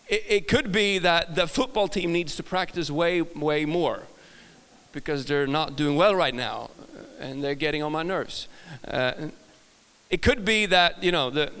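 A preacher from Sweden gives a sermon with a Swedish accent and a higher, slightly bright, smooth voice. He tells stories, tripping over words, restarting often, and laughing at himself, while a long reverb suggests a large church hall.

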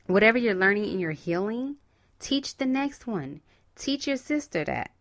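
A woman's voice: medium pitch, very animated, normal speed. A woman hosting a podcast and giving a casual, encouraging motivational talk, using with bursts of whoops and laughter. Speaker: podcast host.

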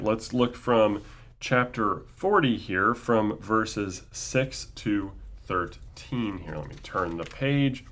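A man reading scripture passages aloud in a measured way and adding wry commentary between them. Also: on the low side, a bit bright.

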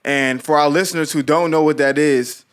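A man hosting a casual podcast, talking with energetic, playful slang. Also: fairly high pitch, moderate pace, clean tone. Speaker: podcast host.

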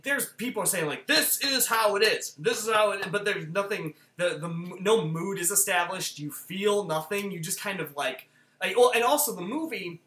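A podcast co-host recapping a film scene in casual chat, animated and full of fillers. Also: mid-range voice. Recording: roomy echo.

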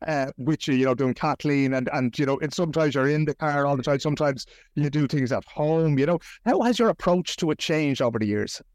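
A man's voice: a little high, darkish tone, no echo. A man interviewing a guest, asking friendly conversational questions. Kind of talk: casual interview chat.

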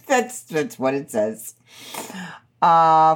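A woman hosts her podcast in a casual, chatty register. Her voice sits a little low for a woman. She rants with animated, sarcastic humor. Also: very slow, pauses often. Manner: animated, sarcastic ranting storyteller. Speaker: podcast host. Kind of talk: casual chat.

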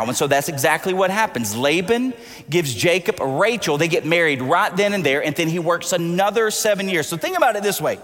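A man in his forties preaching in a large church, his high, bright voice ringing with long reverb. He tells animated, jokey stories and acts out the dialogue in them. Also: brisk. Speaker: pastor. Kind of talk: sermon with personal storytelling.

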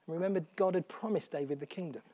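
A man preaching a sermon, earnest, repeating phrases for emphasis and dropping almost to a whisper on quiet points. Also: a little high, fast talker.

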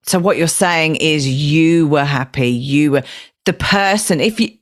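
A woman's voice: low voice, measured pace. A woman hosting a podcast interview who asks tentative questions and checks her understanding as she goes. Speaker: podcast host. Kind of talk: interview conversation.

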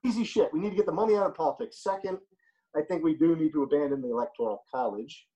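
A man's voice: on the high side, quick pace, dark tone, poor audio. A man in a casual podcast chat, blunt and opinionated, swearing freely as he argues his points.

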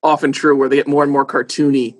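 A man's voice: mid-range voice, flat delivery, fast talker. A man hosting an interview, asking curious and chatty questions. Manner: curious, chatty, many likes. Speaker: interviewer host.

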